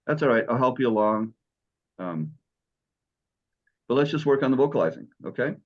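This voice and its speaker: A man's voice: mid-range voice, lively intonation, normal speed, muffled recording. A man teaching Greek in an online class, patient and encouraging as he explains step by step.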